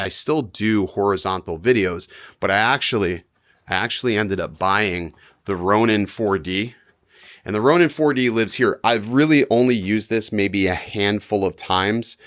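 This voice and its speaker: A vlogger and real estate photographer chats casually about his gear, his voice on the low side and a bit bright but worn because he's losing it. He comes across as direct and a bit blunt, captured on a small camera's onboard mic.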